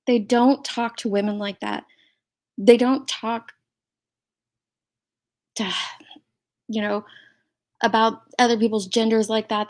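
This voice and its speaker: A woman's voice: fairly high pitch, a little mellow. A middle-aged woman hosting a livestream, reacting to a clip with indignant commentary and thanking chat members. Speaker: commentary channel host.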